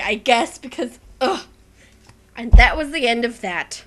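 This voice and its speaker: A young woman co-hosting a let's play, talking and reading a game aloud with animated, dramatic enthusiasm. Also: fairly high pitch, measured pace, faint music behind.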